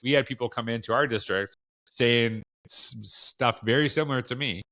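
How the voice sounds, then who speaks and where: This casual interview features a middle-aged Canadian-accented education speaker as the podcast guest. His medium-pitched voice is pushed and bright at a moderate pace, and he rambles through fillers and restarts while acting out what people said.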